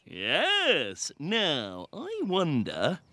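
A man's voice: a little high, wildly swooping pitch, very slow, sharp tone, slight background noise, heavily acted. A man playing a cheerful, silly clown on children's TV, giggling and squealing with delight. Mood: excited. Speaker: children's TV presenter. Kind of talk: children's TV acting.

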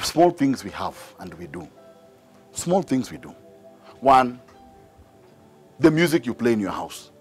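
A man's voice: mid-range voice, unhurried, long pauses, breathy edge, soft background music. A man with a Kenyan accent preaching a sermon, engaging the congregation with questions and repetition. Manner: animated, call-and-response with the congregation. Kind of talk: sermon mixing English and Swahili.

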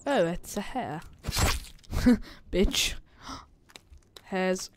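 Her medium-pitched voice is animated but extremely slow, with background noise behind it. She provides let's play commentary on a horror survival game for her gaming channel, staying jumpy, cursing nonstop and shrieking at the scares.

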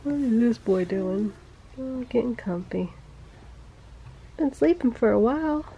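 A mother filming a family vlog at home, talking to her little ones in gentle baby talk. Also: fairly high pitch, animated, a little slow, creaky, a little hiss or hum, rough recording.

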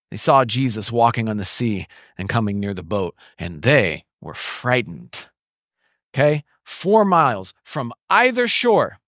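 A man preaching a sermon in an animated, conversational way, often asking the listeners questions. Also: on the high side, dry recording, clean studio sound. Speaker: pastor. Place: church.

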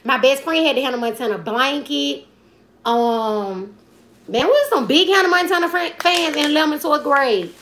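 There's slight background noise as the comedian and YouTuber in her twenties chats on a live stream, rambling in slang and reading viewer comments. Her voice sits high and is a bit bright, at a moderate pace.

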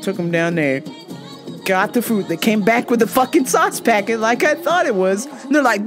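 A woman's voice: mid-range voice, measured pace, music in the background. A woman vlogger telling stories in a casual way, swearing, laughing often and acting out the people in them. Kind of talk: casual storytelling.

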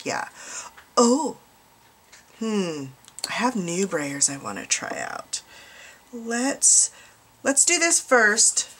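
A woman's voice: mid-range voice, sing-song, extremely slow, pauses often, a bit bright, slightly rough. A young American woman chatting casually and rambling to viewers while she makes an art journal page at home, often asking them questions. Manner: chatty, self-deprecating, asks viewers questions. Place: small apartment art desk. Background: faint dog noise.

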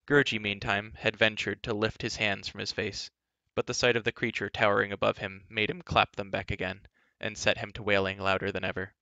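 A man reading a children's book aloud in a gentle, measured storytelling manner. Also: fairly low pitch, flat delivery, vocal fry, no room sound, dull audio.

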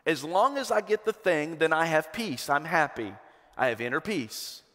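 A man's voice: animated, normal speed. Impassioned male pastor in a reverberant sanctuary. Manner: impassioned preaching, swinging between loud emphatic peaks and hushed lows. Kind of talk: sermon. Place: church sanctuary. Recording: long hall reverb.

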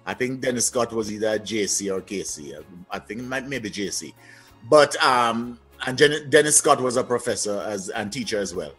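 A man from Jamaica with a Jamaican accent, a guest telling lively stories in a casual interview. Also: fairly low pitch, normal speed, husky, soft background music. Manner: lively, anecdotal, trailing-off phrases.

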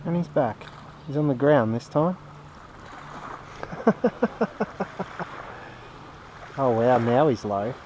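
An Australian man talks to his phone camera on a riverbank, his voice soft and soothing at a middling pitch. He lilts upward now and then as if coaxing an animal. A faint wash of outdoor noise sits under the recording. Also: moderate pace, muffled recording. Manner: gentle, soothing tones, lilting up when talking to the bird. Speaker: fishing vlogger. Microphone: phone camera mic.

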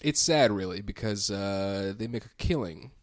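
A man's voice: on the low side, expressive, normal speed, dry recording. A man co-hosting a comedy podcast, explaining facts with wry joking asides. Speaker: podcast co-host. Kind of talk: casual comedy podcast chat.

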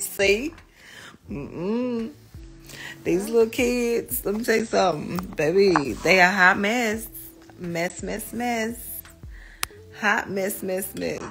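A woman's voice: mid-range voice, fairly bright tone. A woman, a mother chatting casually with her young son in a family vlog, laughing often and teasing him. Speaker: mother and vlogger.

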